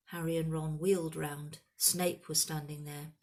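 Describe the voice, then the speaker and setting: A woman narrates a storybook calmly and evenly. Her voice sits fairly low for a woman, steady through the telling. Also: unhurried. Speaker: audiobook reader.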